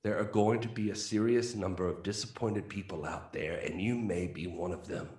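A man's voice: low-pitched, moderate pace, a little mellow, voice pushed down, natural voice. A man voicing a pompous British male film reviewer with a put-on British accent and a theatrical, indignant delivery. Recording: roomy echo.

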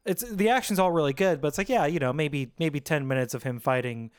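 A man's voice: a little high, fairly quick, smooth, no echo, clean studio sound. A man co-hosting a movie podcast, chatting casually and rambling with frequent restarts. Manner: animated, rambling with many restarts. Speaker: podcast co-host.

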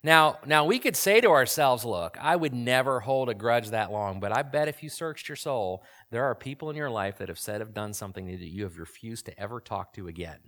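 Guy in his 40s preaching, chatty, keeps asking the crowd stuff, normal pitch. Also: expressive, brisk, hardly any pauses, a bit bright. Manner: conversational, asks the audience questions. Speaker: pastor. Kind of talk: sermon.

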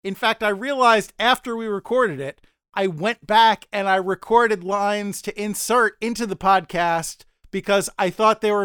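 A man's voice: high-pitched, a bit bright, clean tone, no echo, studio quality. A man co-hosting a podcast, recapping a TV episode in a rambling, self-deprecating way with mock-dramatic asides. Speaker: podcast co-host.

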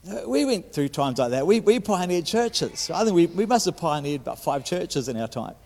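High-voiced Kiwi preacher in a hall. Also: male voice, sing-song, normal speed. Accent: New Zealand. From New Zealand. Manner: repetitive restarts, swings from loud to hushed. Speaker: guest preacher. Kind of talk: sermon. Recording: echoey hall.

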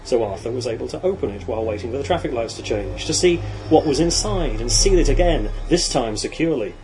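An audiobook narrator, a man, reads a novel aloud at a steady, measured pace in an ordinary middle pitch. The recording is low quality, with a faint hiss underneath.

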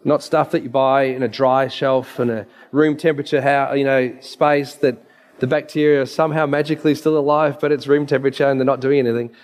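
A man's voice: mid-range voice, steady tone, fairly quick. A man, a naturopath giving an emphatic, story-filled presentation with slides.

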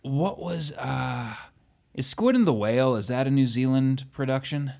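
A man's voice: medium pitch, normal speed, creaky, a little mellow. A man co-hosting a podcast over a remote call, teasing dryly with lots of hesitant fillers. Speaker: podcast co-host. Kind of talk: casual podcast chat.

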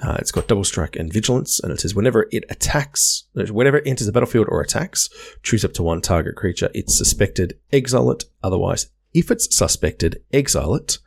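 A man co-hosting a podcast, calmly explaining card game rules step by step in a casual, matter-of-fact way. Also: lowish voice, fairly quick, gravelly, few pauses, slightly rough. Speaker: podcast co-host.

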